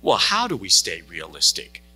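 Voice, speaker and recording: A man's voice: low voice, huge pitch swings, moderate pace, vocal fry, bright, forceful tone, slightly rough. A male pastor preaching a sermon and telling a story, acting out the lines of each person in it. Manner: storytelling preacher who acts out dialogue. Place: church sanctuary.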